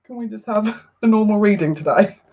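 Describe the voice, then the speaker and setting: A woman doing a chatty live tarot reading who is excitable and gushing and often restarts her sentences. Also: medium pitch, a little fast, lo-fi sound, slight background noise. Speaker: psychic tarot reader.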